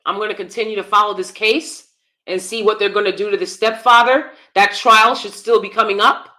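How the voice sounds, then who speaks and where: A woman's voice: medium pitch, fairly even intonation, brisk, sharp tone. A woman hosting live-stream commentary, blunt and emphatic, often repeating herself. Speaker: commentary channel host.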